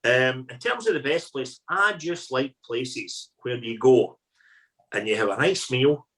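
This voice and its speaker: Scottish man, middle-aged, podcast guest, colloquial, animated storyteller. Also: medium pitch, a little slow, poor audio. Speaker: podcast guest, food critic. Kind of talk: anecdotal storytelling.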